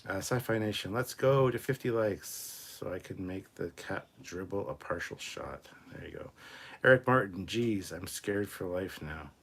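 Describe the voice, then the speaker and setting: Husky, foul-mouthed male livestream host. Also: deep voice, moderate pace. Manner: profane, rambling, self-mocking. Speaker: livestream host reading chat. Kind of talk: casual livestream chat.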